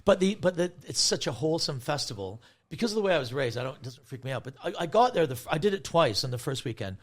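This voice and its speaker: A man with a notably high speaking voice tells rambling comic stories as a podcast guest. He gets excitable, trips over his own restarts, and acts out the people he is describing. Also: fast talker. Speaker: guest comedian.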